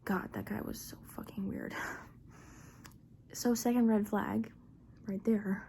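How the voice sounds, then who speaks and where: A woman's voice: medium pitch, steady tone, slow, gravelly, mellow. A young woman casually telling a personal story, chatty and full of "like", often dropping to a half-whisper. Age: young adult. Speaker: vlogger.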